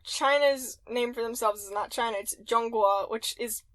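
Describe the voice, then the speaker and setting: A woman's voice: fairly high pitch, moderate pace, a bit bright, no room sound. A woman co-hosting a casual podcast chat, irreverent and swearing freely with jokey asides. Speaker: podcast co-host.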